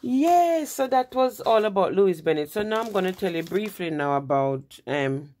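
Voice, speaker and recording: Her lowish, slightly mellow voice moves at a normal speed as she presents a casual history lesson. She talks conversationally, with frequent restarts and plenty of "you know."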